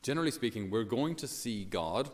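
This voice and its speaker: A man's voice: mid-range voice, lively intonation, fairly quick, in a large hall. An Irish man, a priest, giving a homily in a chatty, storytelling way with many fillers.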